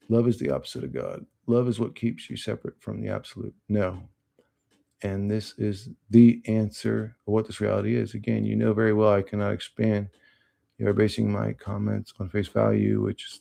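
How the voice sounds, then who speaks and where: A man's voice: lowish voice, steady tone, normal speed, creaky, mellow. A man on a livestream, reading chat comments and answering them in blunt, profane, rambling talk.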